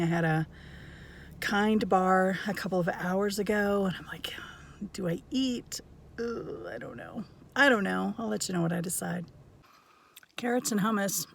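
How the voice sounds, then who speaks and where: A woman's voice: medium pitch, a little hiss or hum. A woman vlogging outdoors on a rocky canyon rim, talking to a handheld camera in a chatty, rambling, upbeat way and laughing easily, a little out of breath from hiking. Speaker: travel vlogger. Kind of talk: casual chat to camera. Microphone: handheld camera held by herself.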